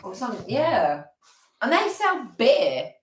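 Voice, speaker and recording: A woman chatting casually as co-host on a live Q&A, enthusiastic and animated. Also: fairly high pitch, a little slow.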